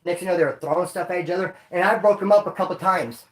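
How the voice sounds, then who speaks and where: Racing along in a high-pitched voice, a man running a livestream spins casual, slangy stories, rambling and saying things more than once. Roomy echo colors the audio.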